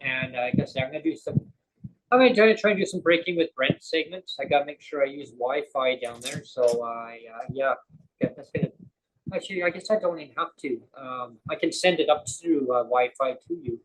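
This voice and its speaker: A man's voice: medium pitch, a little fast, poor audio. Man, host, casual rambling chat, lots of ums and restarts. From Canada. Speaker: podcast host.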